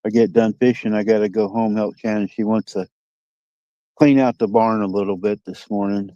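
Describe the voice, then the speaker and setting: A man's voice: on the low side, fairly even intonation, moderate pace, warm tone, no room sound, dull audio. Folksy Midwestern man streaming from a dock. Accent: Midwestern American. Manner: rambling, folksy, chats to viewers and reads comments. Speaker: live streamer. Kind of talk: casual live-stream chat while fishing. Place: outdoors by a lake dock. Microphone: phone.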